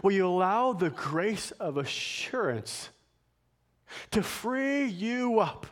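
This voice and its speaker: Male pastor, sermon, slow and deliberate, slightly high voice, emphatic. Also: very animated. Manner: emphatic preacher, rising to forceful climaxes, slow deliberate phrasing.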